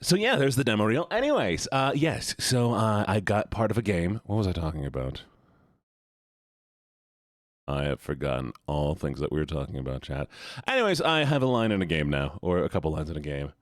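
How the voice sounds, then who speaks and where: A young man chats with his stream viewers in a lively, rambling way, his pitch bouncing around a fairly low base. He repeats himself and laughs easily, close to a dry mic. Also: a little fast, dry recording. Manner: chatty, rambling, repeats words, laughs often. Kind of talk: casual chat with viewers.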